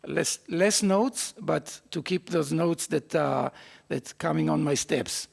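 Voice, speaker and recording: Gravelly man coaching a trumpet student. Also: a little high. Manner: sings phrases on syllables to demonstrate; encouraging, halting with restarts. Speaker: trumpet teacher. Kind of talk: master class coaching. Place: recording studio. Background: trumpet playing.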